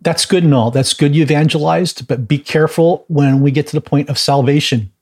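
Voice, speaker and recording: A man's voice: fairly high pitch, steady tone, brisk, darkish tone, breathy edge. Chatty male Bible teacher. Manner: chatty, laughs at own stories, frequent asides. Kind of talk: informal teaching talk.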